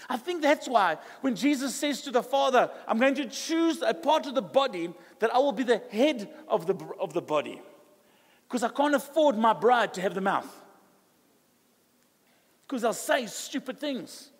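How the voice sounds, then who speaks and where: A high-pitched male pastor with a South African English accent delivers a chatty, animated sermon, slipping into quoted voices as he tells stories. His voice carries a long reverb from the church hall. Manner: conversational, animated preaching that acts out quoted dialogue.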